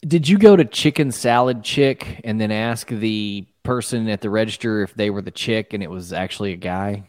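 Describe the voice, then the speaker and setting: A man's voice: fairly low pitch, normal speed, dry recording. A man co-hosting a podcast, cutting in with dry questions that check a friend's story. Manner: dry, fact-checking interjections. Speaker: podcast co-host. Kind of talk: casual chat.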